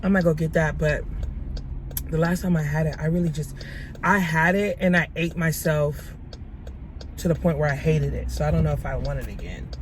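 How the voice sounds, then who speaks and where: A woman's voice: low-pitched, normal speed, a little hiss or hum. Chatty rambling woman vlogger. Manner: chatty, rambling, repeats herself. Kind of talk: casual vlog chat.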